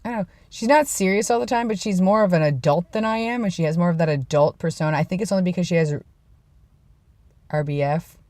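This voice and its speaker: Low-voiced rambling young woman vlogger. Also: quick pace, no room sound. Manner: rambling, self-deprecating, drops to a hush for quoted lines. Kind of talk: casual storytelling vlog.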